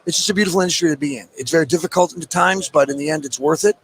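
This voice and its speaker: A man's voice: fairly high pitch, rapid-fire, low-quality recording. Earnest rambling cigar-maker man. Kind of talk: casual interview chat. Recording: faint background noise.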